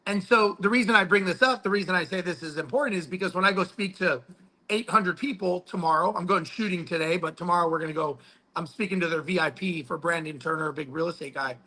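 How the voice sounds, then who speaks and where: A man with a high, bright voice talks casually, with plenty of swearing. He tells stories emphatically and acts out the back-and-forth with his mentor. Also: rough recording. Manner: profane, storytelling. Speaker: guest speaker. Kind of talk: casual chat.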